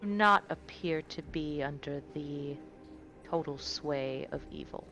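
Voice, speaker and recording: A woman voicing a calm, perceptive seer in a tabletop game, speaking in a slow, measured way. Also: sits low, muffled recording, faint music behind, heavily acted. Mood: solemn.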